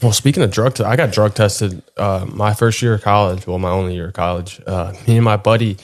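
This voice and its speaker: Laid-back young man, lowish voice. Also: fairly even intonation, brisk. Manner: laid-back storytelling with frequent likes. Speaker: podcast co-host. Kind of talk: casual chat.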